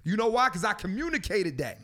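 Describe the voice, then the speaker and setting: A man's voice: sits high, big pitch swings, a little fast, fairly bright tone. A man hosting a casual podcast, talking in a profane, preachy and joking way. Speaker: podcast host.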